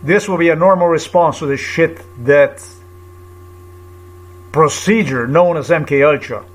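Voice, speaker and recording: A man with a slightly high voice recounts a run-in in a loose, rambling way. He stops and restarts often and repeats phrases while he searches for words. An agitated, indignant edge runs through his talk. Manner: halting, repetitive, searching for words. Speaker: vlogger. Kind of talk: rambling personal account.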